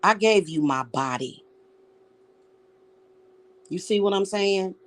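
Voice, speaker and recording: A woman's voice: medium pitch, animated, slow. A woman vlogger delivering an angry, profane rant straight at someone, repeating her words as she talks. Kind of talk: angry direct-address rant.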